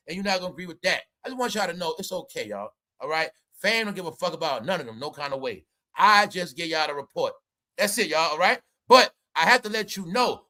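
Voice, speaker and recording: Man, high voice, bright edgy tone, ranting commentary, drops to mutters then shouts. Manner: animated, ranting, swings from low mutters to shouting. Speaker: commentary channel host. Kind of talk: casual entertainment commentary.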